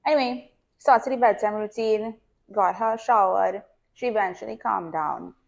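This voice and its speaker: Calm woman with a gravelly edge. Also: medium pitch, moderate pace, lo-fi sound. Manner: calm, explanatory, tells personal stories. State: pregnant. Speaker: guest behaviour analyst. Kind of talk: casual podcast conversation.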